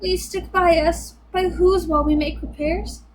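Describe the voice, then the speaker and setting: A woman's voice: very high-pitched, fairly even intonation, moderate pace, a little hiss or hum, voice pushed up, poor audio. A woman voicing a tiny, grateful male mayor who speaks in a polite, eager way.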